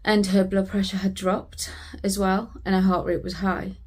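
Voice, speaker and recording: A woman's voice: medium pitch, level tone, normal speed, breathy edge. A British woman, a family vlogger, earnestly retelling a frightening family emergency in a personal storytelling vlog.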